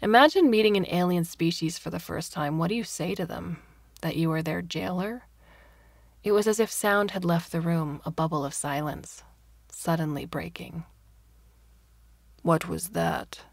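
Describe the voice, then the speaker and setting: A woman narrates a story in a soft, near-whispered voice. Her tone is low and gravelly, and the pace is slow. The recording sounds dry and close. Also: no room sound. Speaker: story reader. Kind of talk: scripted narration.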